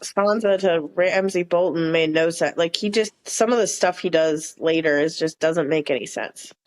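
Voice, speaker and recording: A woman's voice: on the low side, normal speed, low-quality recording. A woman co-hosting a podcast, thinking aloud in an easygoing way as she talks through a TV episode. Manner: easygoing, reasoning things out aloud with fillers. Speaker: podcast co-host. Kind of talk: casual chat recapping a TV episode.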